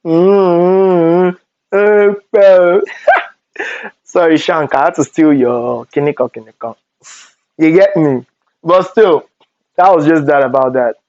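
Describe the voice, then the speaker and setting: A young man with a Nigerian accent telling animated stories in a storytime vlog, slipping into Pidgin asides. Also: fairly high pitch, takes it slowly, pauses often, no echo, lo-fi sound. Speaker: vlogger.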